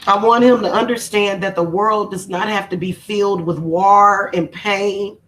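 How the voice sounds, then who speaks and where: A woman's voice: mid-range voice, fairly even intonation, normal speed, a bit bright, low-quality recording. A woman hosting a spiritual channel, talking casually on a livestream in a heartfelt, emotional, informal way.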